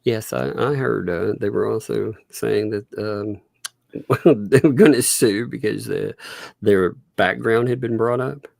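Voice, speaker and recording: A man with a Southern accent, co-hosting a casual live stream, relaxed and laughing often. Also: fairly low pitch, a little slow, gravelly, dry recording, studio quality. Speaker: co-host.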